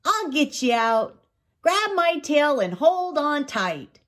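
A timid little badger cub from a bedtime story talks in a high, small voice that stretches its words out slowly, played by an older woman reading aloud. He is young and loyal, with a soft hesitance in his manner. The pitch sits well above an adult's and moves around expressively. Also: lively intonation. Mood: reassuring.

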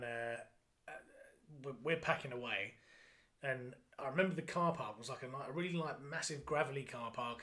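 Young man, function band drummer, lively and sweary anecdotes in a casual chat. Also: medium pitch. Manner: animated anecdotes, swearing, acting out voices.

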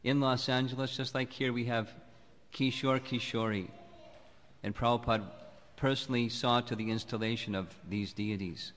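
Calm man preaching in a reverberant hall. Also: medium pitch, normal speed. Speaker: spiritual teacher giving a lecture. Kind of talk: sermon. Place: temple hall.

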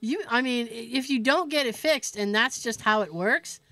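A woman co-hosting a podcast, telling a story in an animated, profane way and laughing as she goes. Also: a little high, moderate pace, dry recording. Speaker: podcast co-host. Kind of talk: casual storytelling chat.

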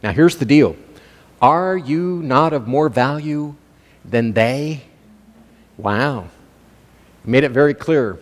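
A man's voice: medium pitch, animated, takes it slowly, pauses often. A man preaching a sermon as pastor, emphatic and calling out to his congregation. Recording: long hall reverb.

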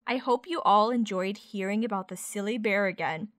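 A woman teacher reading a children's picture book aloud, expressive and gentle, pausing to explain words. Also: mid-range voice, no echo, clean studio sound. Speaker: teacher, storyteller. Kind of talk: children's story read-aloud.

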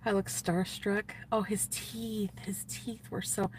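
A woman's voice: mid-range voice, steady tone, unhurried, breathy edge. A woman streamer chatting casually, giddy and gushing, often trailing off and laughing. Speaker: livestreamer. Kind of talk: casual livestream chat.

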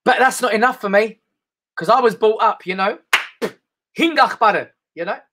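A man's voice: high-pitched, fairly quick, noisy background. A middle-aged man with an English accent doing casual, rambling live stand-up comedy to an online audience. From England. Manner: chatty, rambling, mimics voices.

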